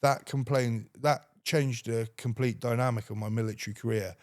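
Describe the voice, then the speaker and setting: A man's voice: medium pitch, moderate pace, dry recording, studio quality. Sweary British man telling army stories. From United Kingdom. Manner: swears heavily, animated retelling with quoted dialogue. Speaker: podcast guest, former soldier. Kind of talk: casual storytelling.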